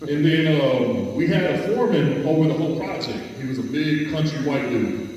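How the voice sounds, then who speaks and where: Young stand-up comic, US, loose and profane, laughs at own jokes, slightly high voice, echoey hall from far off. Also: male voice, lively intonation, normal speed, darkish tone, highs cut off, slight background noise. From United States. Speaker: stand-up comedian. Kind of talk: stand-up storytelling.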